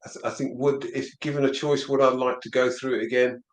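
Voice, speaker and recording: A man, an interview guest, talking in a halting, reflective way and often repeating his words. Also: mid-range voice, level tone. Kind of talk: casual reflective conversation. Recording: roomy echo.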